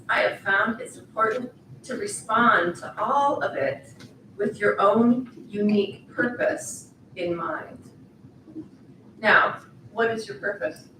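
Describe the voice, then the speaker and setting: A woman's voice: a little high, far from the mic, slight background noise. Woman speaking at a ceremony in an echoey hall. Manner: warm, playful, encouraging, talks straight to the graduates. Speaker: commencement speaker. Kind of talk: ceremony speech. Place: large event hall. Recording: echoey hall, voice heard from afar.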